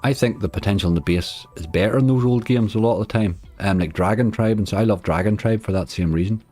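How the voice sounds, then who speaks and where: Guy, deep voice, chatting away on a slots stream, answering chat. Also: fast, mellow, faint music behind. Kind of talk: casual livestream chat.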